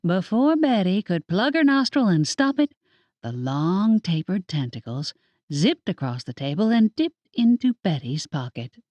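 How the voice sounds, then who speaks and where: A woman narrates an audiobook with expressive storytelling, her pitch moving widely. Her voice sits a little low. The studio sound is dry and close. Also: measured pace, no room sound. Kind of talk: scripted narration.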